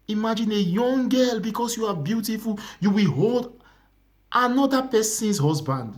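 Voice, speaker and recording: Young Nigerian preacher, earnest sermon voice, repeats lines, dips into whispers. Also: male voice, sits high. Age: young adult. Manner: earnest, repetitive preaching that drops to hushed whispers.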